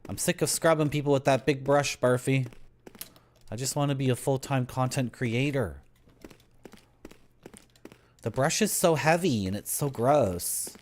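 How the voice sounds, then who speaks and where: Young guy streaming a game, rambly deadpan tangents, regular mid voice. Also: mid-range voice, a little slow, pauses often. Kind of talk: live gameplay commentary.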